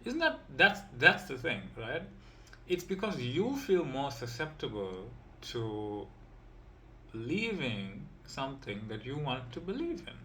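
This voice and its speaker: A man's voice: mid-range voice, big pitch swings, unhurried, pushed and bright, a little hiss or hum. A man teaching as an empowerment coach in an informal, rambling way. He repeats himself, keeps checking in with "right?" and "you see", and chuckles now and then while he draws with a pen.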